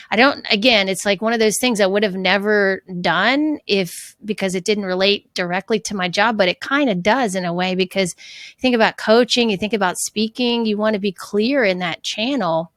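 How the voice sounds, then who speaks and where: A middle-aged woman speaks as a guest in a casual interview, earnest and reflective, often restarting her sentences as she thinks aloud. Her voice sits at a middle pitch and sounds dry and close, with no room echo. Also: fairly bright tone. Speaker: guest, fitness trainer and coach.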